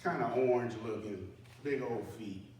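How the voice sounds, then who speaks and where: A man, once an army sergeant, tells a story from his own life in an easy, wry, self-mocking way. He sits at a middling pitch for a man. He is heard from well off-mic in a strongly echoing room, with faint background noise. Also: moderate pace, distant mic. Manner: conversational, self-deprecating, acts out panicked dialogue with sharp rises. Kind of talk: live personal storytelling. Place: indoor room at a community center.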